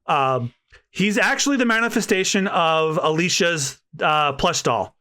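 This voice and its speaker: Podcast co-host, male, bright and forceful tone, eager and rambling. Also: a little high, lively intonation, unhurried. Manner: enthusiastic, rambling with many fillers. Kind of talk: casual chat.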